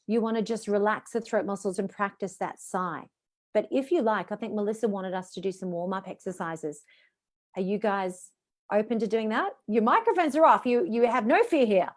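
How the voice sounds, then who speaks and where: A medium-pitched woman with an Australian accent runs a live online workshop as a voice and presentation coach. She reads questions out and answers them, her inflection lively and varied.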